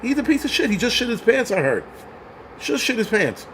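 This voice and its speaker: High-voiced man ranting profanely. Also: sing-song, a little fast, fairly bright tone, slight background noise. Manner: profane, heated ranting with stammered restarts. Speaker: channel host. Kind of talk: live-streamed rant.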